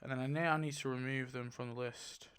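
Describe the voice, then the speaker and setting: A man giving casual, excitable commentary while spinning a wheel, laughing often and mumbling lists to himself. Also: medium pitch, a little fast, clean tone. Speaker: YouTuber.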